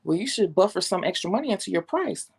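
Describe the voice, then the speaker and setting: A woman's voice: mid-range voice, fast, gravelly, slightly rough. A woman nail technician talking casually and bluntly to her viewers, telling stories with slang and the odd curse. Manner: candid, blunt, animated storytelling with slang and cursing. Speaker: nail technician and channel host. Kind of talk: casual talk to viewers, reading live comments.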